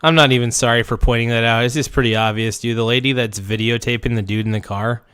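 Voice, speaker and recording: Male streamer host, blunt and mocking, dry close-miked sound, middle pitch. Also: steady tone, fast, fairly bright tone, clean tone, no echo. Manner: blunt, mocking, rambling asides. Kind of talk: livestream political commentary.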